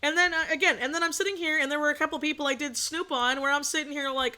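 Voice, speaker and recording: A woman's voice: sits high, very fast, few pauses, bright, forceful tone. A young woman streaming live, ranting casually to her chat, swearing and laughing between points. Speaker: VTuber streamer.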